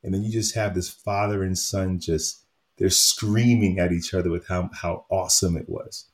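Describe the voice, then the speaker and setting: A man with a slightly low voice chats casually as a co-host. He tells stories with animated energy and laughs often. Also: normal speed. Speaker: podcast co-host. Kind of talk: casual chat.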